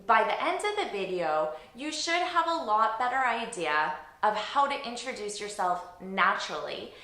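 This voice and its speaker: A woman English teacher explaining pronunciation, modelling phrases slowly and asking learners to repeat them. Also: mid-range voice, very animated, sharp tone, roomy sound. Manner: slow, deliberate, modelling phrases for repetition.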